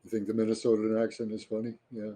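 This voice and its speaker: A man with a Canadian accent, hosting a live stream in a relaxed, rambling way and chatting casually with viewers. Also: on the low side, quick pace, low-quality recording. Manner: relaxed and rambling, with frequent fillers. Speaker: livestream host.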